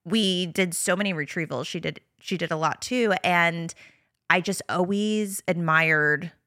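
A woman's voice: fairly low pitch, unhurried, bright, forceful tone, dry recording, studio quality. A woman hosting a podcast in casual chat, talking in a chatty, rambling way and laughing often. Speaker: podcast host.

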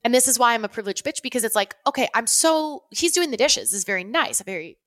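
A woman's voice: a little high, lively intonation, fast, a bit bright, dry recording, clean studio sound. A woman co-hosting a casual podcast, telling stories animatedly and acting out quoted lines with laughs. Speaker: podcast co-host. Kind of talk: casual chat.

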